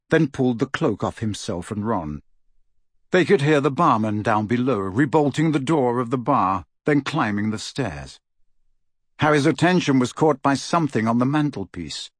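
A man narrates a fantasy story with a slightly husky, expressive voice that moves a lot in pitch. The sound is close and dry. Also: dry recording. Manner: measured storytelling. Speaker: audiobook narrator. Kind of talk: scripted narration.

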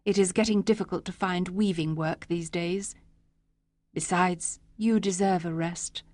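A woman reading a story aloud, voicing a gentle, hopeful young village girl who speaks earnestly. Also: fairly low pitch, steady tone, unhurried, no echo, pitched above the performer's own voice, natural voice.

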